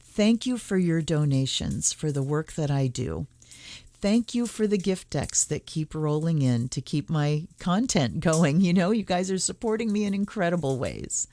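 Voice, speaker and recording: A woman reads tarot and hosts her channel, casually reflecting and reading from books, taking it slower for blessings. Her voice is deep and dark, recorded with no room sound.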